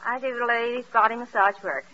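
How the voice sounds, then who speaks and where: A woman's voice: fairly high pitch, fairly even intonation, brisk, sharp tone. A woman, a guest on a radio show, giving brief, matter-of-fact answers, heard on a dull old radio broadcast. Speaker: guest, masseuse.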